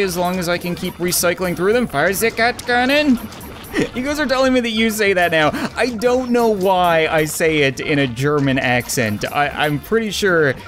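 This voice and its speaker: A man talks his way through a mobile game run in loose, self-mocking commentary. His voice sits a bit high for a man, with faint game music humming underneath. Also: fairly bright tone. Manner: joking, rambling, self-mocking. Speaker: let's play host. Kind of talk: casual gameplay commentary.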